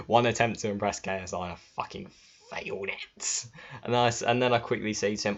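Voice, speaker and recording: A man with a lowish voice talks straight to camera, loose and informal and not shy about swearing. The sound is dull and lo-fi, picked up by an old laptop's built-in mic. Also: brisk. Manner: chatty and informal, swears freely. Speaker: vlogger. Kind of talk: casual storytelling to camera.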